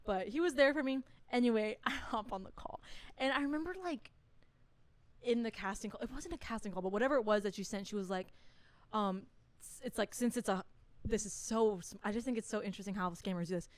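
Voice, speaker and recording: A woman co-hosting a podcast tells a story in casual conversation, speaking briskly in a mid-range voice with no room sound. She is an animated storyteller who acts out the people in it and their quotes.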